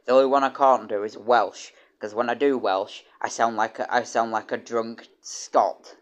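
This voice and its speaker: A man's voice: mid-range voice, steady tone, moderate pace. A young British man streaming, chatting casually and rambling with many restarts and casual swearing. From United Kingdom. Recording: dull lo-fi stream audio.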